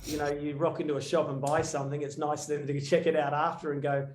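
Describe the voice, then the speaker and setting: Male guest, a bit high, hesitant and jokey, echoey room with faint hiss. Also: flat delivery, fast talker, a little mellow. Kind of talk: casual chat.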